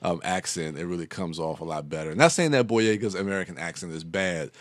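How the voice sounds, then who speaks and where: Speaking briskly in a deep voice, a man co-hosts a podcast, chatting casually and with enthusiasm while rambling through many fillers and restarts. The recording is dry.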